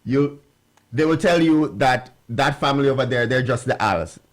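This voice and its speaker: A man's voice: mid-range voice, normal speed. A man from Jamaica with a Jamaican accent, co-hosting a studio talk show and telling family stories with frequent laughter. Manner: warm, laughing storyteller. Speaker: co-host. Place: radio studio.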